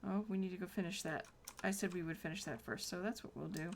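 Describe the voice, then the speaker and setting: A woman streaming a game at home, chatting excitedly and murmuring to herself as she plays. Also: fairly low pitch, fast talker, a little hiss or hum. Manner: excitable, chatty, drifts into soft murmurs while playing. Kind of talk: casual gameplay commentary. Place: home room.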